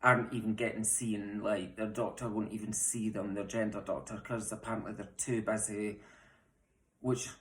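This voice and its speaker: A woman's voice: very deep voice, flat delivery, moderate pace. Young Scottish trans woman, impassioned direct-to-camera plea, blunt, echoey home room. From Scotland. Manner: impassioned, frustrated, speaks bluntly with swearing. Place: home, room mid-move. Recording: roomy echo.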